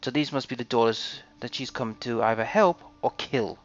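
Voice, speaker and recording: A man hosts a casual video game playthrough, muttering his thoughts as he wanders around. His voice sits at an ordinary pitch. The recording sounds dull and lo-fi. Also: moderate pace. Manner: muttering to himself while exploring. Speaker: let's play host. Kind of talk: casual gameplay commentary.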